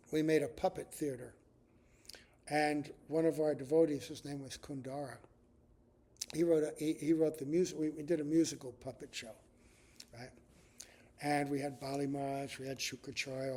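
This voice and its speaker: Older man, spiritual teacher, animated storytelling, mellow warm tone, somewhat high voice. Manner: animated storyteller, often asks "right?". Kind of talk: storytelling scripture class.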